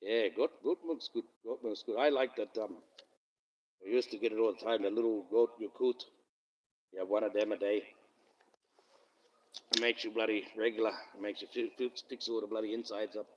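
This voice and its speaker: A man's voice: lowish voice, fairly even intonation, brisk, pauses often, a little mellow, distant mic, highs cut off, slight background noise. A man hosting a casual live stream into his phone, rambling, swearing freely and laughing often. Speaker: livestream host. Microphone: phone camera.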